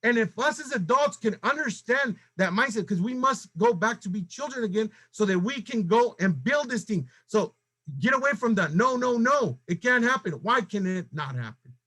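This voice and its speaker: A middle-aged man leading a sales team, giving an urgent motivational pep talk full of rapid rhetorical questions. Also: extremely high pitch, lively intonation, sharp tone.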